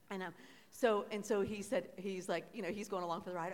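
A woman's voice: lowish voice, fairly even intonation, quick pace. A woman pastor giving a sermon to a congregation, chatty when telling stories and fervent when she prays. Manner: chatty storytelling, then fervent prayer. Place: church sanctuary. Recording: long hall reverb.

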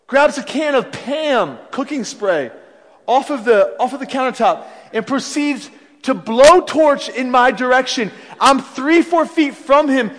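A man preaching a sermon as a pastor, telling stories in an animated way with frequent restarts. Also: extremely high pitch. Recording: long reverb of a large hall.

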